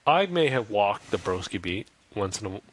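A man's voice: fairly low pitch, sing-song, normal speed, a little hiss or hum. A man co-hosting a podcast, explaining things in a laid-back, wry way. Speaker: podcast co-host. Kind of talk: casual chat.

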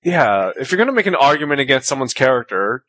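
A man's voice: medium pitch, sing-song, fast talker, bright, forceful tone. Earnest, easygoing male podcast co-host. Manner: earnest, thoughtful, laughs easily. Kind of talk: casual comedic chat.

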